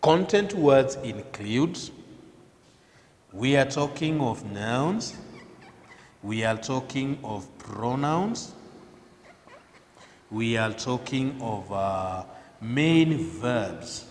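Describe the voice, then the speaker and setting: A man delivers a televised lesson at an unhurried, deliberate pace, pressing hard on the words that matter. His voice rings out with a long reverb, as if recorded in a large, echoing room. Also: medium pitch, expressive, slight background noise. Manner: slow, deliberate, emphatic delivery. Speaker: teacher.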